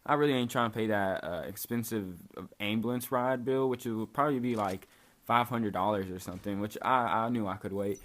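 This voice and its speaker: On his vlog, a young guy with a lowish, fairly bright voice tells a story at a brisk clip. He stays casual and laid-back, leans on "like," and curses without hesitation over faint background noise.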